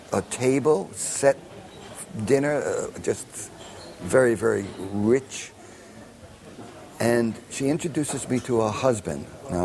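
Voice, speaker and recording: An older man, a composer telling a long anecdote and acting out the people in it, with many fillers and restarts. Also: lowish voice. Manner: animated storyteller acting out quoted dialogue, many fillers and restarts. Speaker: film composer. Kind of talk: anecdotal storytelling in an interview.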